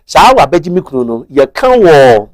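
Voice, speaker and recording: A man's voice: fairly high pitch, very animated, moderate pace, a little mellow. A man with a Ghanaian accent explaining marriage law on a talk show, methodical and switching between Twi and English.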